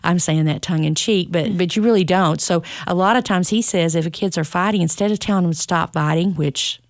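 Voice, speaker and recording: Middle-aged woman, guest, lively dramatic storyteller; lowish, gravelly voice. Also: a little fast, no room sound, studio quality. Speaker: school staff member and parent, guest. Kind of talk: casual interview chat.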